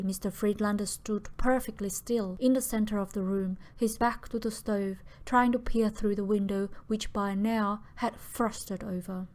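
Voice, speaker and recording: A woman narrating an audiobook in an expressive, measured reading voice. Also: medium pitch.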